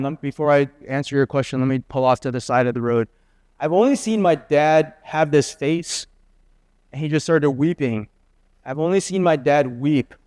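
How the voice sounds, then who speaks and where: A man in his fifties preaching as a guest speaker, telling a personal story in a slow, earnest, confessional way. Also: mid-range voice, a little mellow, clean tone, dry recording, studio quality.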